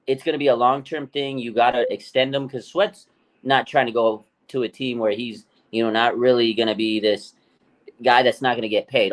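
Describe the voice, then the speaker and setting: A man co-hosting a live sports talk stream, telling stories in an excited, rambling way. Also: medium pitch, low-quality recording. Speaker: podcast co-host.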